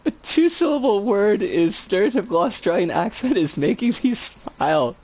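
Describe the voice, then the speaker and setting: Woman streamer just chatting w her chat, voice swings super high to low constantly, rambly, curses a lot, makes fun of herself. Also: normal speed. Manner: animated and exclamatory, swears freely; self-deprecating, rambling. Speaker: livestreamer. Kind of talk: casual livestream chat, reacting to chat.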